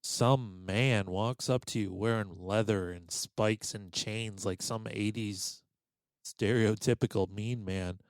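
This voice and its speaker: A man's voice: on the low side, steady tone, slow pace. Sarcastic man hosting a podcast. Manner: sarcastic, mock-indignant ribbing. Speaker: podcast host. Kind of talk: casual comedy podcast banter.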